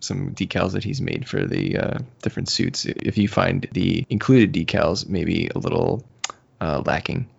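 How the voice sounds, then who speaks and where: A man with a low, gravelly voice chats casually as a podcast co-host, trailing into laughter and hesitant restarts. The recording sounds muffled and lo-fi. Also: steady tone, moderate pace. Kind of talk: casual chat. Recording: muffled lo-fi audio.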